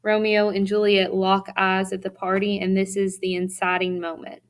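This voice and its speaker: A woman's voice: mid-range voice, completely flat delivery, moderate pace. Woman teacher reading lesson notes. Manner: reads notes aloud steadily, with occasional fillers. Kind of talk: recorded classroom lecture.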